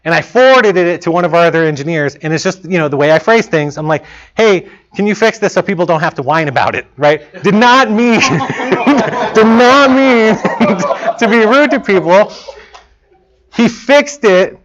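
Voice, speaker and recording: A fairly high-voiced man speaks casually to a room of students about working in game development. He keeps it chatty and acts out what he said in past moments. The recording sounds a bit muffled and lo-fi. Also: moderate pace. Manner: casual, chatty, quotes himself in lively asides. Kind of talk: informal talk to students. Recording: dull lo-fi talk recording.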